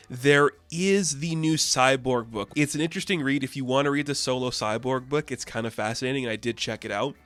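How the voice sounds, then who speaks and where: A man's voice: a little high, fairly bright tone, no room sound. A man casually reviewing a comic book issue with enthusiastic, chatty recaps.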